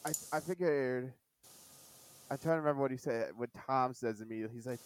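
Smooth-voiced man hosting a podcast. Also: medium pitch, brisk. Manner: animated, retells scenes with quoted lines. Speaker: podcast host. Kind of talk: casual chat recapping a cartoon.

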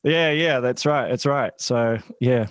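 Relaxed New Zealand podcast host, dry mic. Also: male voice, medium pitch, a little slow, dry recording. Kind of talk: casual interview.

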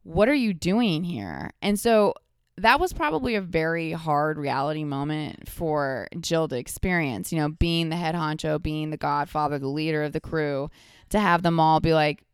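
A woman with a somewhat low, smooth and resonant voice talks as a podcast guest, recapping stories in an animated, rambling way full of "like" fillers. The sound is close and dry. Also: moderate pace, dry recording. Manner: animated storytelling, many "like" fillers. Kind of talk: casual chat.

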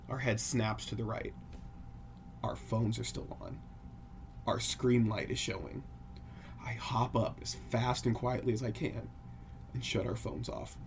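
A man of middle pitch telling a spooky tale on a casual podcast, swinging between loud excited bursts and near-whispers. He acts out creaking sounds as he goes. A faint hiss sits under the recording. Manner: animated, acts out creaks and drops to hushed tones. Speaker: podcast co-host. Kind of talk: casual storytelling chat.

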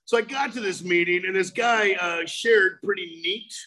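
A man in his forties telling his recovery story, animated, breaking into loud exasperated outbursts. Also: high-pitched, moderate pace. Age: 40s. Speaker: speaker sharing recovery story. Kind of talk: recovery talk, personal story.

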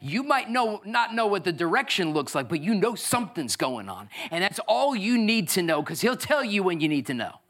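A man in his thirties preaching a lively sermon as pastor, acting out voices and swinging from loud bursts to soft, tearful moments. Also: sits high, normal speed, hardly any pauses. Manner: energetic, acts out voices, swings from shouting to near tears.

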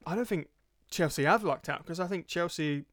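A man's voice: on the high side, normal speed, fairly bright tone, no echo, studio quality. A young man co-hosting a casual football podcast, blunt and jokey, with the odd swear word. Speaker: podcast co-host.

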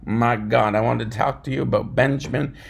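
A man preaching a fervent podcast sermon, swinging between loud shouts and low murmurs. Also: steady tone, a little fast. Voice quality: gravelly, husky.

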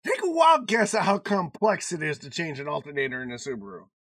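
A man in casual podcast chat who tells stories with wide, lively swings in pitch and bursts of loud laughter. His voice is bright and a little high. The sound is close and dry. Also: a little fast, no room sound. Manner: animated storytelling, swearing, laughing often, big swings in loudness. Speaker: podcast co-host.

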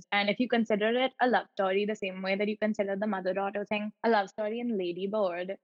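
A woman's voice: mid-range voice, no echo, big-room sound, lo-fi sound. A woman co-hosting a podcast, chatting casually and animatedly, often digressing. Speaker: podcast co-host. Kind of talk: casual chat.

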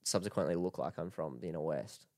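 Fast-talking young Australian man. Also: rumbling low, a little mellow, no echo, clean studio sound. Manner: quick, chatty storyteller. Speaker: podcast co-host. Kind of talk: casual chat.

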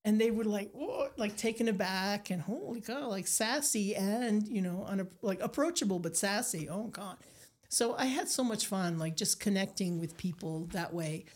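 An older woman from Nova Scotia, a guest telling animated stories in an interview, acting out the people she quotes. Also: mid-range voice, normal speed. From Nova Scotia, Canada. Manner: animated anecdotes, acts out quoted voices. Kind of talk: storytelling interview.

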